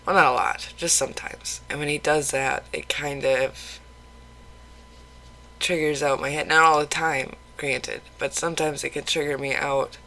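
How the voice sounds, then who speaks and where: Candid rambling vlogger, mid pitch. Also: little pitch movement, pushed and bright, low-quality recording. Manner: candid, rambling, halting restarts; swears casually. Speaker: mental health vlogger. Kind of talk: casual confessional vlog.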